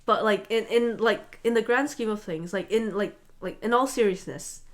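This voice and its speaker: A woman in her early twenties co-hosting a podcast in casual chat, giggling often and halting with lots of "like" fillers. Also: mid-range voice. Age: early 20s. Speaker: podcast co-host.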